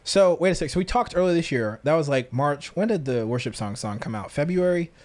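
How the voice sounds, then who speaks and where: A man's voice: on the high side, expressive, a little fast, darkish tone. A young man from the American South, hosting a podcast in casual, joking chat and slipping into silly voices. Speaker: podcast host.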